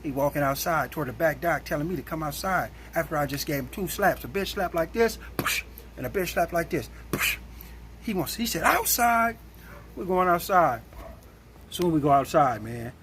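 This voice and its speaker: A man telling a story in a casual, animated and blunt way, with plenty of slang. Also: a little high, brisk, a little hiss or hum.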